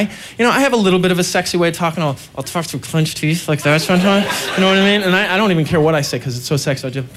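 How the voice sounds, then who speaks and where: A man performing a stand-up routine, telling self-mocking stories in an animated way. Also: sits high, noisy background. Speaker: stand-up comedian.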